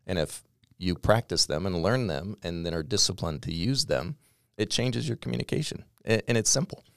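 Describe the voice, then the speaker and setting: Earnest middle-aged pastor on a podcast, very deep voice, dry close sound. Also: male voice, animated, normal speed, gravelly, a bit bright, no echo. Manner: earnest, explanatory, emphatic. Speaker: executive pastor. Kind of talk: podcast conversation.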